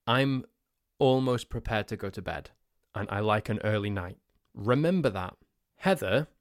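A man's voice: fairly low pitch, dry recording, studio quality. A man hosting a solo podcast, telling a story in a rambling, self-mocking way. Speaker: podcast host.

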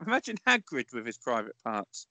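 A man's voice: mid-range voice, sing-song, brisk, sharp tone, dry recording. A man co-hosting a podcast in casual chat, making dry, wry remarks. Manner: dry, wry one-liners. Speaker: podcast co-host.

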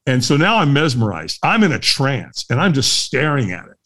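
A middle-aged man, a guest on a podcast, telling a story in a lively way and laughing often. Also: mid-range voice, moderate pace. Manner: lively, laughs often, acts out the voices of others. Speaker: guest, firewalk instructor. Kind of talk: animated storytelling in a podcast interview.

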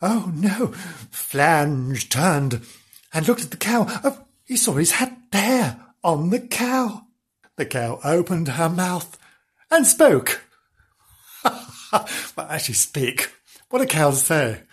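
A playful male storyteller makes up a comic tale as he goes, giggling and chatting with his listeners between the lines. His voice rises and falls a lot, at an unhurried pace with a breathy edge. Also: fairly high pitch, very animated, fairly bright tone.

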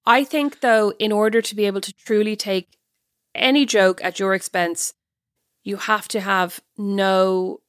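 A woman's voice: medium pitch, steady tone, a little slow, no room sound, clean studio sound. A woman co-hosting a podcast, bluntly bickering with her sister in casual chat. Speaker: podcast co-host.

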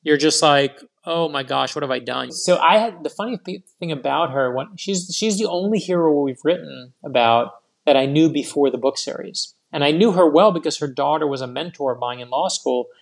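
A middle-aged man, a guest author, telling rambling, animated anecdotes in a casual interview. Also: fairly high pitch, moderate pace, vocal fry, hardly any pauses.

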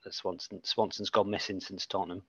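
A man's voice: low voice, flat delivery, fairly quick, sharp tone, husky, no echo. A man co-hosting a casual football podcast, blunt and jokey, swearing freely and firing eager questions. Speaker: podcast co-host. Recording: dry, dull lo-fi sound.

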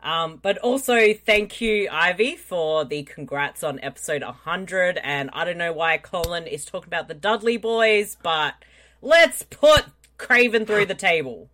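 Playful female podcast host, slow unhurried delivery, bright. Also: lowish voice, expressive. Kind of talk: casual live podcast chat.

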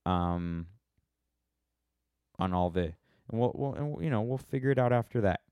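Man, American accent, podcast host, casual rambling chat, wry, self-interrupting, lowish voice, dry close sound. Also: animated, moderate pace, darkish tone, clear, resonant tone, no echo. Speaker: podcast host answering questions.

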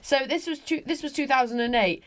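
A woman's voice: high voice, brisk. A woman from northern England in casual chat, telling a family story in a chatty, giggly way. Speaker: guest sharing a family postcard.

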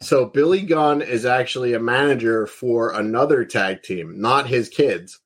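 A former pro wrestler hosting a podcast, chatting casually with plenty of profanity. He retells events in lively detail. His voice sits at a middle pitch for a man. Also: a little slow, breathy edge. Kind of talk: casual chat.

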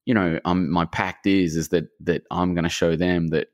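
A middle-aged man, an author, talking casually in a podcast interview, rambling and self-deprecating, with animated asides where he quotes people. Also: low-pitched, normal speed, no echo, studio quality. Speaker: author and guest.

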